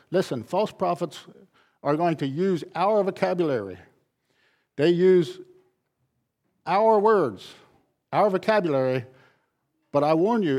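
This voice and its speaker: A pastor with a fairly high, warm voice preaches a sermon. He drives each point home with emphatic phrases that he repeats in a classic preaching cadence.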